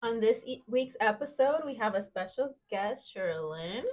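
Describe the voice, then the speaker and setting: A woman co-hosts an interview show and pitches her voice a little higher than most. She keeps the chat casual and cheers her guest on with frequent laughs and small affirmations. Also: lively intonation. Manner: encouraging, laughs often, quick affirmations. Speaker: podcast co-host.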